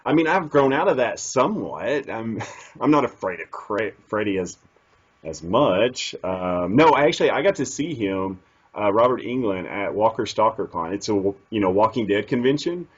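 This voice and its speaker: Man, middle-aged, interview host, playful, husky breathy tone, lo-fi muffled audio. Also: on the low side, moderate pace. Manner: playful, laughs often, lively ups and downs. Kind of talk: casual interview chat. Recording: dull lo-fi sound.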